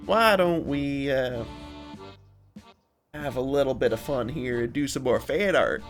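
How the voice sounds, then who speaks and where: A young man from the American South, streaming in a deliberately overdone Southern accent. He is worn out and rambles in a self-mocking way, full of folksy slang. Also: mid-range voice. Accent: Southern American, exaggerated on purpose. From Southern United States. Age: young adult. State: very tired. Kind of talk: casual stream chat.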